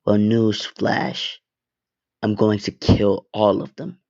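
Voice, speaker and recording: A man's voice: on the low side, flat delivery, gravelly, darkish tone, muffled recording. A man doing a coldly menacing teenage boy. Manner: threatening, sneering, drawn-out menace. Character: vengeful menacing teenage boy, cold and mocking.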